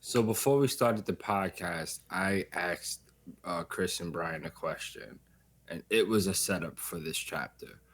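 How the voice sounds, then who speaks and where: A man's voice: low-pitched, unhurried. A man co-hosting a podcast, joking and emphatic, swearing freely as he argues a point. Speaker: podcast co-host. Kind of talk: casual chat.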